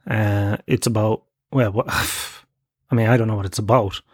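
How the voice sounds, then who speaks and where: A man's voice: lowish voice, fairly even intonation, a little slow, dry recording, clean studio sound. A Kerry Irish man in his thirties, hosting a podcast with a rambling, sweary comic monologue. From Ireland (Tralee, Kerry). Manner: rambling, sweary, laughing at his own jokes. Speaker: podcast host.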